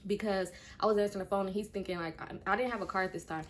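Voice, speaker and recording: A woman's voice: medium pitch, racing, slight background noise. Frank young woman telling a story. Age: 20s. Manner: animated retelling that acts out quoted speech; frank and conversational, speaking to viewers directly. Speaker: vlogger. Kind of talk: casual storytime.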